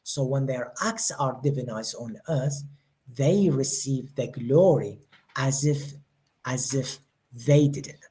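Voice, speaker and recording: A man's voice: mid-range voice, slow, warm tone. A man giving a spiritual teaching to a live group in a session room, earnest and often repeating words as he searches for the phrasing. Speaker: religious teacher. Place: study day session room with listeners.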